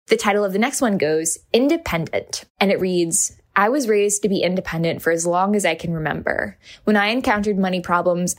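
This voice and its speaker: A woman producer reads listener reviews aloud in a somewhat low voice. Her delivery is brisk and amused. She is recorded close on a studio mic. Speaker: podcast producer.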